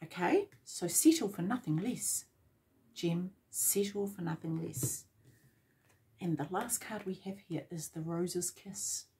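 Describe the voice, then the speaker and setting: A woman giving a tarot reading at an unhurried pace. She urges the listener on and repeats her points, addressing them directly. Her voice sits a little low for a woman. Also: dark tone, a little hiss or hum. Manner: encouraging, repetitive, direct address. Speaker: tarot reader.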